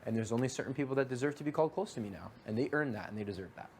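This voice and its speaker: A man's voice: medium pitch, expressive, darkish tone, a little hiss or hum. A young man chatting casually late at night, rambling with lots of "like" and "you know". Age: young adult. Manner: fast, rambling, heavy on fillers. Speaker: reality show houseguest.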